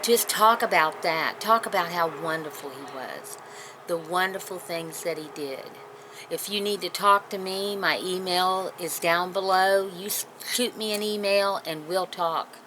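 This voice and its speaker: Crying, a woman vlogger speaks earnestly and tearfully to her viewers, consoling and encouraging them in a heartfelt personal talk. Her voice is fairly low and her pace measured, with noticeable background noise in the recording.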